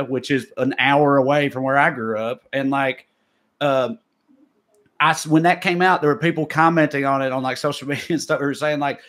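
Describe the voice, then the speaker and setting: A man's voice: fairly high pitch, a bit bright. A man with a Tennessee accent, a comedian co-hosting a podcast, telling stories animatedly in casual chat and swearing freely.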